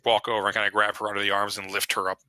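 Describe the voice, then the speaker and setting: A man running a tabletop role-playing game over voice chat, casually narrating and voicing giants in a slower, lower voice. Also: completely flat delivery, pushed and bright, dry recording. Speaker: dungeon master. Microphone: headset or desk mic on voice chat.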